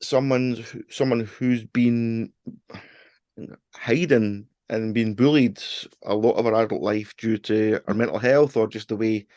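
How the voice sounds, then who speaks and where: A man's voice: lowish voice, fairly even intonation, measured pace, a little mellow, no echo. Guy hosting a podcast, rambly, swears a bit, dry mic. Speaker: podcast host. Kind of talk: casual chat.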